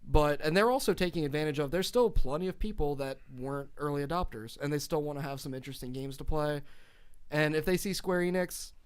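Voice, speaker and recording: Smooth-voiced chatty man. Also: fairly high pitch, fast. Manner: chatty, laughs often. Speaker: co-host. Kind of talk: casual chat about game releases.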